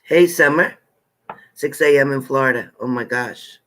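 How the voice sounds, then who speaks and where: A man's voice: mid-range voice, moderate pace, a bit bright. A man hosting a live tarot stream, chatting casually and greeting viewers by name with familiar terms like honey.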